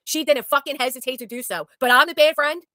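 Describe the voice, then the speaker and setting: A woman's voice: high voice, fast, sharp tone, no room sound, clean studio sound. A woman hosting a talk show, speaking in an angry, sarcastic, profane rant to her guest. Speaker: YouTube commentary host. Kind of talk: heated casual talk with a guest.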